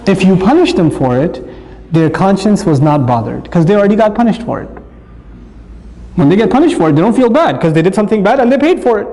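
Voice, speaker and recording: A man giving a parenting lecture in an animated, humorous way, acting out little scenes. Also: high-pitched. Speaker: speaker. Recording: long hall reverb.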